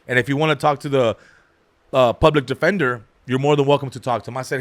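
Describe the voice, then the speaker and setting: A man hosting a comedy podcast, telling a story with street slang and acting out every person in it with big swings in volume. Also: fast. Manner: acts out every character with big jumps in pitch and volume; street slang, calls people "dog" and "bro".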